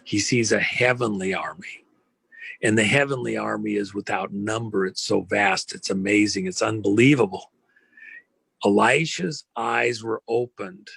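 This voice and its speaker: A man's voice: lowish voice, creaky, fairly bright tone, slightly rough, no echo. A man giving an impassioned interview, speaking emphatically with rhetorical questions and a preachy tone. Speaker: interview guest.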